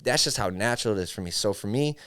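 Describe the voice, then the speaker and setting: A man's voice: on the low side, fast talker, clear, resonant tone. A music engineer from upstate New York, a man, chatting casually as a podcast guest and acting out studio conversations as he tells them. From Syracuse, New York. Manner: animated storyteller, acts out studio dialogue, says bro a lot. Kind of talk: casual interview chat.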